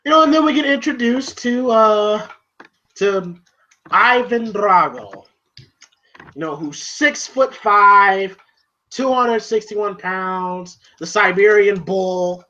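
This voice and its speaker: A man's voice: sits high, slow, pushed and bright. A man casually recapping a film as a reviewer, rambling and filling his talk with "you know" and "like". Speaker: movie reviewer. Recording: dull lo-fi home recording.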